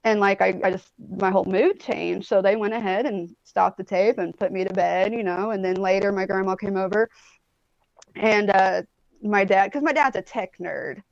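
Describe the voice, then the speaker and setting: A woman's voice: medium pitch, moderate pace, vocal fry, dry recording, lo-fi sound. A woman in her forties from Indianapolis, a guest telling stories in a rambling, casual way with plenty of swearing. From Indianapolis, USA. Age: 40s. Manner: rambling storyteller, swears freely, many "like" and "um". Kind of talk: casual chat. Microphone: phone or tablet on a video call.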